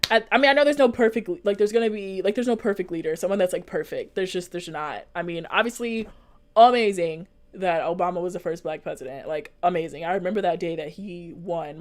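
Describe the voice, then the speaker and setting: A young woman talking casually and earnestly to her viewers as a vlogger, rambling with lots of fillers and restarts. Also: lowish voice. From United States. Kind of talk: casual chat, reading and answering live comments.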